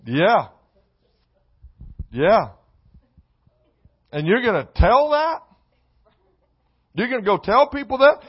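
High-voiced preaching man, lo-fi. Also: sing-song, slow, pauses often, slightly rough. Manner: preaching with rising shouts and comic asides. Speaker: pastor. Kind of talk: sermon. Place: church sanctuary.

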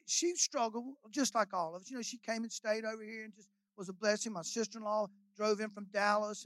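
A man's voice: high voice, fairly bright tone, dry recording, low-quality recording. An older man, a guest pastor preaching a sermon in a folksy, emotional, rambling storytelling way full of hallelujahs and amens.

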